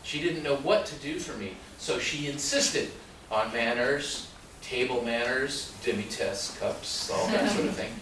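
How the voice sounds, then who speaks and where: An author born in Mexico and raised in San Diego tells stories at a library event, laughing often, his voice leaping suddenly in pitch and volume, and he takes his time. The public library event room is very echoey, and the distant mic picks up a lot of noise.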